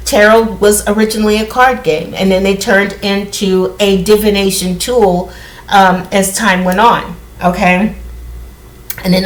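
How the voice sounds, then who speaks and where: Chatty woman in an echoey room. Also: mid-range voice. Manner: chatty, rambling, with frequent asides and laughs. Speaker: spiritual vlogger. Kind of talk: casual monologue to viewers.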